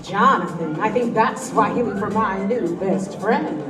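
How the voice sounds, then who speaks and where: A woman's voice: mid-range voice, measured pace, natural voice. An actress playing a flirtatious female troupe singer who teases the audience in a live stage show. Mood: sassy. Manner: sassy, teasing audience banter. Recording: distant echoey theater with music and crowd.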